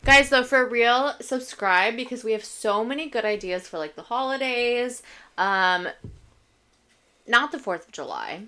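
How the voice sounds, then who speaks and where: A woman's voice: a little high, a little slow, pushed and bright. A woman in her thirties from Michigan's Upper Peninsula, co-hosting a casual podcast and telling rambling stories. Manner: chatty, rambling storyteller. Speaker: podcast co-host. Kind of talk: casual chat. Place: small home studio room.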